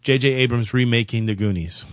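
A man's voice: medium pitch, a little fast. A man co-hosting a casual podcast, with wry, dry humor, also reading a scripted review. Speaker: podcast co-host.

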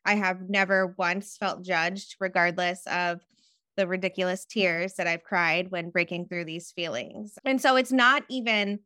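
A woman's voice: fairly low pitch, fairly even intonation, unhurried, sharp tone, dry recording, clean studio sound. A woman guest, a business owner and mother, speaking openly and heartfelt in a candid interview over a call. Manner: heartfelt, open, slightly giggly.

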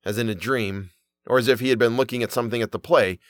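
A man reading a Victorian short story aloud as storyteller, in steady, measured narration. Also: medium pitch, no room sound, clean studio sound.

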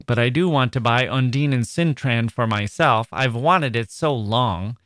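A man's voice: mid-range voice, unhurried, fairly bright tone, no echo, lightly acted. A blunt, grumbling tomboy of a teenage girl, read by a man in close to his own voice. The recording is dry and close.

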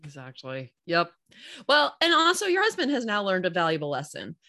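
A woman's voice: lowish voice, fairly quick, no echo, clean studio sound. A woman talking casually as a guest, acting out quoted lines and laughing now and then. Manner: expressive, quotes herself and others, laughs. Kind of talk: casual chat.

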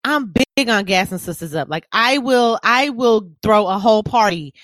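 A woman co-hosting a casual chat, expressive and full of loud, hyped-up mimicry. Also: medium pitch, normal speed, dry recording, clean studio sound.

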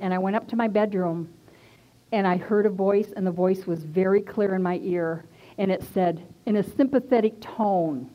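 A woman minister giving a personal testimony in a sermon, earnest and conversational, stressing points by repeating them. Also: medium pitch. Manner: earnest and conversational, emphatic repetition. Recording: dull lo-fi recording.

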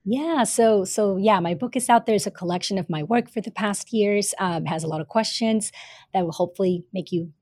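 A woman's voice: mid-range voice, a little fast, a little mellow, no echo, studio quality. A woman, a former teacher and author, talking earnestly as a podcast guest, with many fillers and repeated words. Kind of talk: casual interview talk.

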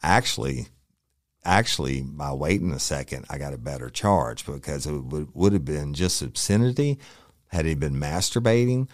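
Deep low man, casual profane storytelling, dry close sound. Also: animated, moderate pace, no echo. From Louisiana. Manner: profane, laughing storyteller who acts out quotes. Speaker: podcast host and former detective.

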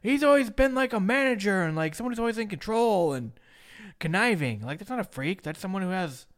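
A man with a high voice and a lively, bouncing delivery hosts a casual recap chat. He jokes freely and often drops into mock voices to act out what people said. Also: brisk. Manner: animated, jokey, slips into mock voices to quote people. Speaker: podcast host.

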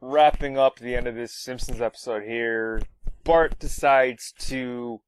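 A man talks through an episode recap in a loose, rambling way, leaning on lots of fillers. His voice sits at a middling pitch, with faint noise in the background. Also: measured pace, low-quality recording. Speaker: podcast host recapping an episode.

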